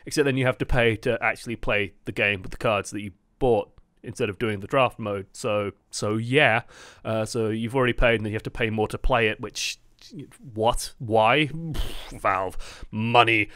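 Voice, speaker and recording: A man hosting a gaming video, delivering a sarcastic, animated rant. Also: fairly low pitch, normal speed, dry recording, clean studio sound. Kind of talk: ranting commentary.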